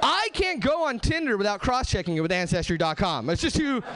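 A male stand-up comedian from Southern California works a club stage with a high-pitched voice. His delivery is punchy and animated, with wide, lively swings in pitch. He speaks into a handheld stage mic. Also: a little fast, a crowd in the background.

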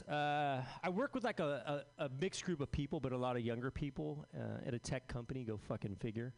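A man in his forties doing a deadpan, self-deprecating stand-up set on a club stage. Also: fairly high pitch, quick pace, gravelly, hardly any pauses. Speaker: stand-up comedian.

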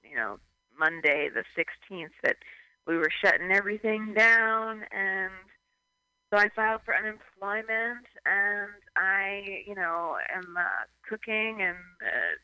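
A woman's voice: medium pitch, slow pace, pushed and bright, smooth, no room sound, poor audio. A woman hosting a casual radio chat, rambling with lots of "like" and acting out little scenes. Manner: rambling, heavy "like", acts out voices. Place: San Francisco.

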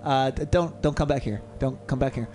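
Sex: man. Figure: a man doing a gruff, reclusive hermit. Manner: curt and dismissive, a mid-pitched voice. Style: quoted bit in a casual radio chat. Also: brisk, darkish tone, soft background music, close to an everyday voice.

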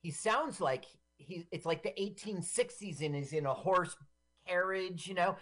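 A radio co-host bantering casually while watching a film, with excitable outbursts and swearing. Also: medium pitch, a little slow.

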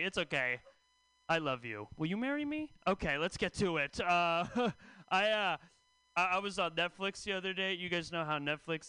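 Male stand-up comic, conversational, crisp and bright tone. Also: high-pitched, low-quality recording. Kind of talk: stand-up comedy set. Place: comedy club stage.

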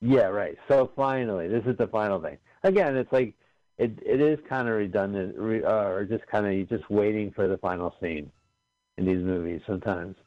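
A man's voice: fairly low pitch, moderate pace. A man co-hosting a podcast, joking and swearing casually as he comments on a movie he is watching. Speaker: podcast co-host. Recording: dry, dull lo-fi sound.

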